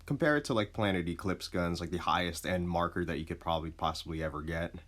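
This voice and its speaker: A man casually telling a story, laid-back and expressive, with plenty of swearing. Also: low voice, quick pace.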